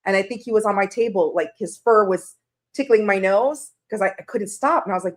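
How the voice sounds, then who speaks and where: Her fairly high-pitched voice moves at a moderate pace as she hosts a tarot livestream from her room at home. Emotional and close to tears, she chats casually and welcomes viewers by name.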